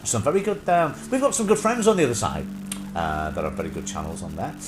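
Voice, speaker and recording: A man's voice: on the low side, fast talker, music in the background. A man hosting a casual chat show livestream from his home couch, rambling and breaking into song. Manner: chatty, rambling, bursts into song. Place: home living room on a couch.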